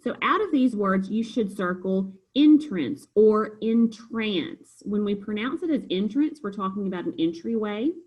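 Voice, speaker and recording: Patient teacher, female, slightly husky, explains homework answers one by one. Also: mid-range voice, animated, normal speed, hardly any pauses, lo-fi sound. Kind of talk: recorded homework review lesson.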